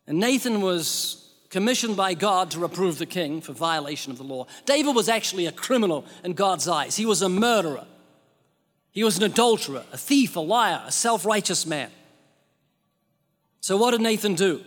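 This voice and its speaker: A man's voice: high-pitched, lively intonation, normal speed, a bit bright. Guy preaching hard, lots of rhetorical questions, big reverby hall. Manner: emphatic, uses rhetorical questions. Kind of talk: sermon.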